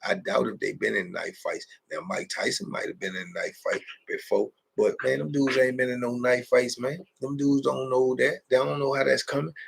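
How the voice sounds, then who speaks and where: A middle-aged man with a gravelly, husky voice hosts a late-night live chat. He talks in an animated, streetwise way, circling back on his phrases and laughing between points. His voice sits at an ordinary pitch with a rough edge. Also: fairly quick, hardly any pauses. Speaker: host.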